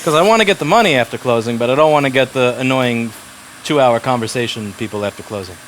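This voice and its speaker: A man's voice: medium pitch, fast talker, a bit bright, slight background noise. A man running a repair shop, giving blunt, profane instructions to his staff in casual workplace talk.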